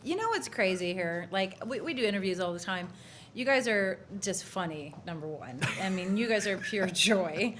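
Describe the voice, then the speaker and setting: A woman's voice: mid-range voice, lively intonation, normal speed, a bit bright, slight background noise. Upbeat woman host interviewing. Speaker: interviewer and financial advisor. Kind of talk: interview chat.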